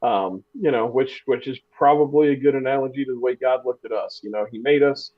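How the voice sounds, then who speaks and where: A man's voice: mid-range voice, brisk, narrow, tinny audio. A man co-hosting a podcast in casual chat, telling stories with a self-deprecating humor and frequent restarts. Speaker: podcast co-host.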